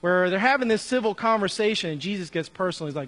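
A high-voiced man preaches in a casual, conversational way and slips into the voices of the people in his story. His words ring out with a long reverb in a church hall. A faint mains hum sits underneath. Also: animated, quick pace, fairly bright tone. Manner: conversational, acts out dialogue. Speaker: pastor. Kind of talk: sermon.

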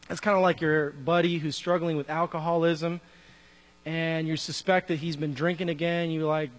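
A man's voice: a little high, moderate pace, a bit bright. A man preaching a conversational sermon, acting out dialogue from the story as he speaks. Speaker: pastor. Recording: reverberant hall with mains hum.

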